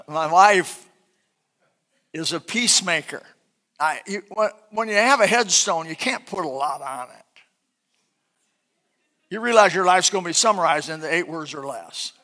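A middle-aged man preaching a sermon, his voice pitched high and bright with a forceful edge. He swings from loud, emphatic bursts down to soft, hushed asides, keeping the congregation close. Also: animated, unhurried, long pauses. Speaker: pastor.

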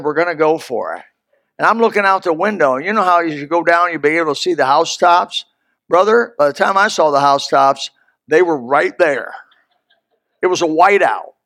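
High-pitched male preacher, folksy storyteller, bursts of loud emphasis. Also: no echo, clean studio sound. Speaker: pastor. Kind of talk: sermon.

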